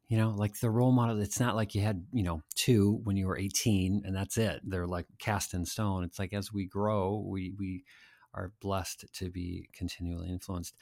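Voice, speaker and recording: Guy hosting a podcast, lowish voice, playful, rambly with lots of ums, dry sound. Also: a little mellow, no room sound. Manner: playful, rambling, many fillers and restarts. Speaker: podcast host. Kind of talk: interview questions.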